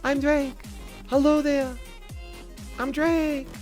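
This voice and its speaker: A man putting on a soft, demure voice to play a self-pitying male pop singer as a mocking impression. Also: very high-pitched, level tone, slow, faint music behind, pitched above the performer's own voice. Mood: whiny mockery.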